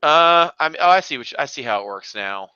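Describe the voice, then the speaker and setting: A man's voice: on the high side, expressive, fast, sharp tone, clean tone, no room sound, highs cut off. A man co-hosting a casual gaming podcast, joking, laughing often and swearing freely. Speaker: podcast co-host. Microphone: desk mic, live stream.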